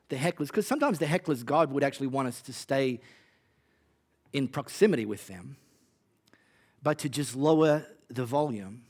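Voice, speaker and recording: An Australian man preaching a sermon as a pastor, conversational and animated, with playful asides. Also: fairly high pitch.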